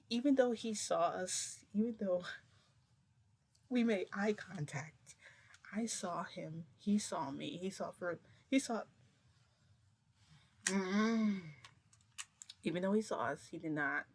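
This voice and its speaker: A woman telling a long personal story in a casual, rambling way, full of fillers and restarts, keeping her voice low. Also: slow, pauses often, breathy edge. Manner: rambling, filler-heavy retelling with many restarts; speaks low to keep quiet. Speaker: storytime vlogger.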